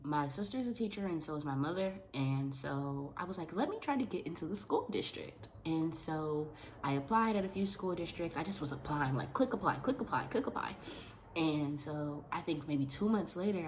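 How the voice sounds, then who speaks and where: Low-voiced young woman, animated casual vlogger, faint room noise. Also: a little fast. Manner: animated, talks with her hands. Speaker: vlogger, school paraprofessional. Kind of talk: casual vlog chat to camera.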